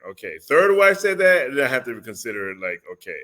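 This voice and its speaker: Male podcast guest, forceful bright tone, spins anecdotes and laughs a lot. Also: medium pitch, big pitch swings, a little fast. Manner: storyteller who acts out quotes, laughs often. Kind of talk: casual podcast chat.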